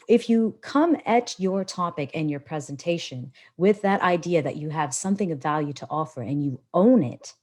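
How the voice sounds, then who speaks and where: Her voice is low as she runs a live webinar on public speaking from her laptop on a video call. The coach teaches in an animated, expressive way, her tone rising and falling widely.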